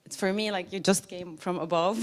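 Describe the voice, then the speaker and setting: A woman's voice: lowish voice, fairly even intonation, normal speed, darkish tone. A woman giving a casual, emotional thank-you speech to a group, laughing often and quoting others.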